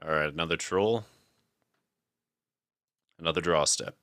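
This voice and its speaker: A man's voice: a bass voice, a little slow, a bit bright. A man streaming a card game match, chatting casually, thinking aloud and laughing often. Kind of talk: casual gaming chat.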